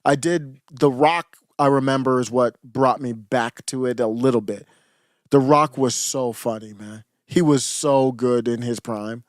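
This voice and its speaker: A man's voice: medium pitch, steady tone, a little slow, no echo, clean studio sound. A man co-hosting a podcast, chatting casually and nostalgically, often trailing off and restarting his sentences. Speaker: podcast co-host. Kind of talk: casual chat.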